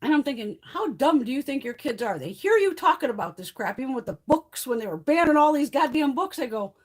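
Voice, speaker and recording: A woman's voice: high voice, big pitch swings, brisk, husky. A woman hosting a casual livestream chat, ranting heatedly and swearing freely. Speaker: beauty vlogger hosting a livestream.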